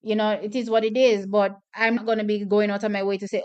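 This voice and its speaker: A woman's voice: mid-range voice, level tone, fast, darkish tone, clean tone, muffled recording. A woman hosting a track watch party, chatting and commenting on races with strong, repeated opinions. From Jamaica. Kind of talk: casual live track commentary.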